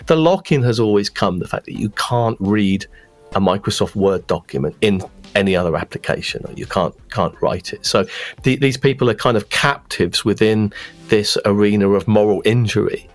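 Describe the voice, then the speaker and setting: Guy, lowish voice, blunt and animated, faint music behind. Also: normal speed. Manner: animated, forthright opinions. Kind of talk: casual discussion.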